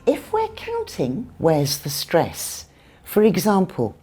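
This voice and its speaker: A woman with a British accent teaching English pronunciation in a scripted lesson, saying numbers clearly and deliberately. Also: fairly low pitch, huge pitch swings, dark tone, soft background music. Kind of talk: scripted lesson with acted skits.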